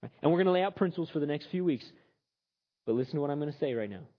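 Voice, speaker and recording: A man preaching a sermon in a conversational, animated way, slipping into characters to tell stories. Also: fairly high pitch, very fast. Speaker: pastor. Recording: slightly muffled recording.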